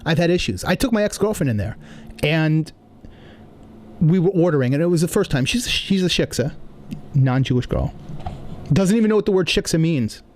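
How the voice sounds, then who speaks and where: A man from New York telling comic stories in an indignant, animated rant on a podcast. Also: a little high, normal speed, long pauses, a little hiss or hum. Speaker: comedian podcast host.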